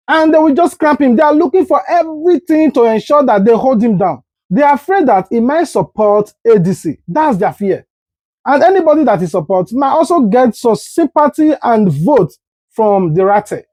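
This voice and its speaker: A woman's voice: mid-range voice, warm tone, no echo. A Nigerian woman hosting political commentary, speaking in an indignant, rhetorical way. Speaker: commentary host.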